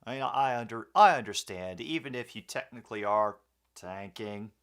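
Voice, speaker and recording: A man's voice: fairly low pitch, lively intonation, moderate pace, fairly bright tone. A young man casually calling a football game play by play and chatting with viewers, with a rambling, filler-heavy way of talking. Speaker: host of a sports commentary stream.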